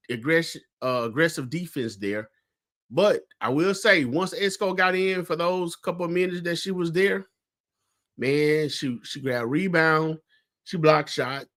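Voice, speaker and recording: Man recounting a game, slightly high. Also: a bit bright. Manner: storytelling, conversational, many fillers. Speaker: co-host. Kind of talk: casual sports talk.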